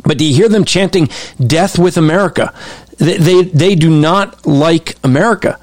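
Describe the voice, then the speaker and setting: Man, fairly high voice, dry close sound, emphatic commentary that restarts often. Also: normal speed, darkish tone, no echo. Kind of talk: commentary over video clips.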